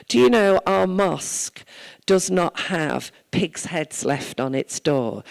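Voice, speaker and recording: Gravelly-voiced woman mayor telling stories. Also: low-pitched, rough recording. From Wales. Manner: earnest, conversational storytelling. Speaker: town mayor. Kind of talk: informal address at a church service.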